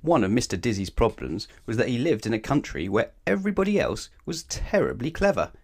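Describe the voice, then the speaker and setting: A man reading a children's storybook aloud in an expressive, sing-song way. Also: medium pitch, a little fast.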